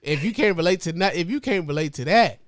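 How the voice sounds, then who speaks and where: A man's voice: high-pitched, lively intonation, quick pace, no room sound, clean studio sound. Blunt, profane man hosting a talk show. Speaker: podcast host. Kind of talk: casual political talk.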